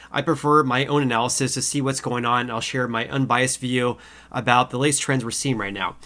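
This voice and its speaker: A man hosting his own explainer video, his voice nasal and stuffy from a cold. He talks casually at a middling pitch, fills gaps with "uh" and repeats his key points for emphasis. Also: fairly bright tone. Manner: frequent uh fillers, repeats key figures. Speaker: housing market video host. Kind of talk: casual explainer talk to camera.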